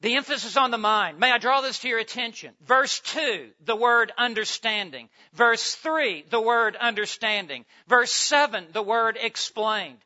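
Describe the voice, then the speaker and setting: A man preaching an expository sermon with an emphatic, repetitive cadence, swinging from hushed lines to loud ones. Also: very high-pitched, a little slow, few pauses. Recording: dull lo-fi recording.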